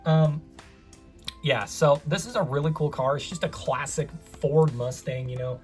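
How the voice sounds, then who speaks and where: A man's voice: fairly high pitch, normal speed, faint music behind. A young man hosting a casual toy car unboxing review, chatty and rambling with self-mocking asides.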